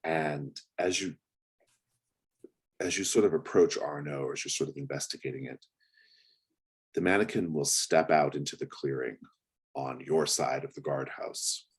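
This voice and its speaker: A man's voice: a bass voice, normal speed, pauses often, slightly rough. A man narrating as game master of a tabletop game, describing scenes in a hesitant way with many fillers.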